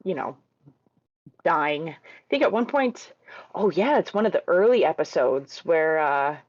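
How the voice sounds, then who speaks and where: A woman's voice: low-pitched, lively intonation, measured pace, no room sound, lo-fi sound. A woman guest on a podcast, chatting casually with playful asides. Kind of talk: casual chat.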